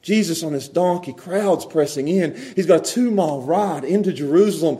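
Guy with a high voice preaching a sermon, gets loud and excited then drops way down quiet. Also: moderate pace, hardly any pauses. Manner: animated, swings from loud exclaiming to quiet intimate asides. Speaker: pastor.

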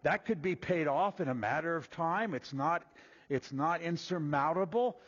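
A man preaching a sermon, reading scripture in a raised voice and dropping low and quiet to explain it. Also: normal speed. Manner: rises loud and high when reading scripture, drops low and quiet when explaining. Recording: dull sound with long hall reverb.

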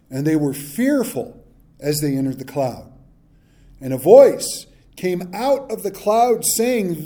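Mellow-voiced male pastor preaching animatedly. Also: a little high. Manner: animated storytelling with acted-out quotes. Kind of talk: sermon.

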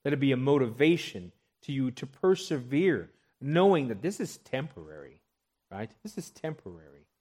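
A man's voice: mid-range voice, big pitch swings, moderate pace, a little mellow. A man preaching a sermon, reading scripture aloud and often checking in with the congregation. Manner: expository preaching, checks in with "right?"; reads scripture aloud with rising emphasis. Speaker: pastor.

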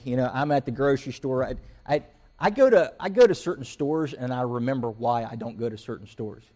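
A man preaching a sermon as pastor, telling everyday stories and acting out the people in them. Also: medium pitch. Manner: animated storytelling, acts out quoted voices and rants.

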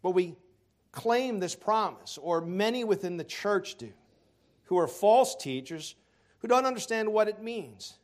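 A man preaching a sermon as pastor, swinging between loud emphasis and quiet asides, with joking remarks. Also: high-pitched, lively intonation, measured pace.

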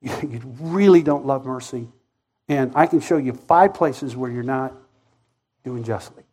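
A man preaching a Sunday sermon as pastor, telling the story dramatically and acting out the voices in it, rising loud and dropping soft. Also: medium pitch, measured pace. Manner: dramatic storytelling, acting out quoted voices, wide swings in loudness.

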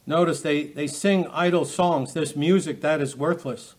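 Emphatic preacher man, slightly high voice. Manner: repetitive restarts, rising to emphatic preaching. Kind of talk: sermon.

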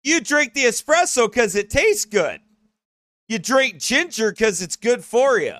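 Bright, animated teasing man. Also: very high-pitched, unhurried, no room sound, studio quality. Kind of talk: casual joking banter.

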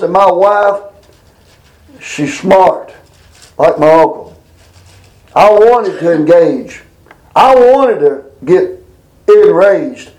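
A middle-aged man giving a casual Bible lesson, rambling through folksy stories and reading scripture slowly. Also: high-pitched, darkish tone, poor audio. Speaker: Bible teacher.

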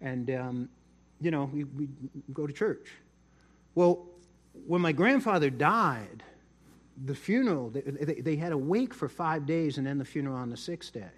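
Middle-aged New pastor, chatty sermon. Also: male voice, a little high, lively intonation, unhurried. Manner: conversational storytelling, repeats words. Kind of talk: sermon with personal story.

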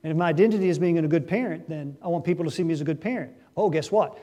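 Guy preaching a sermon, kinda high voice but mellow, asks the room questions. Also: very fast. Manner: earnest preaching with sudden rises in pitch and loudness for emphasis; asks the congregation rhetorical questions. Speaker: pastor.

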